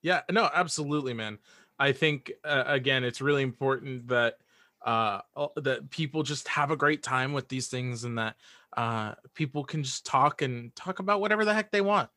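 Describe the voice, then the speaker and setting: A man's voice: mid-range voice, moderate pace, bright, forceful tone, no room sound, studio quality. A man guest on a podcast talking in casual chat, hesitant with lots of restarts. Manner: hesitant, many restarts and fillers. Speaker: guest, audio drama writer.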